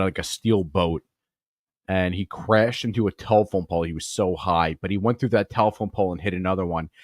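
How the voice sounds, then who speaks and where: A low-voiced man with a Long Island accent hosts a podcast, recorded with studio quality and no echo. His crude, comedic stories ramble along, full of profanity and frequent swearing.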